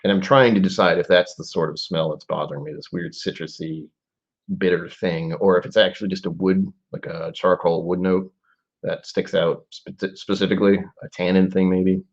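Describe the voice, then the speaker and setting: A man's voice: low-pitched, steady tone, normal speed, muffled recording. A man in his forties hosting a casual live-stream tasting, musing aloud and rambling with trailing asides. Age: 40s.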